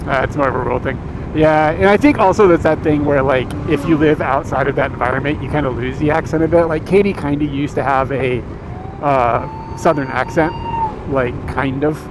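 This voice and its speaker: A man's voice: on the high side, a little fast, background noise. An American man in his thirties, hosting a livestream from a moving car, chatting casually with his viewers in a rambling, laid-back way. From United States. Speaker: livestream host. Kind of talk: casual chat with stream viewers. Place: inside a moving car on a road.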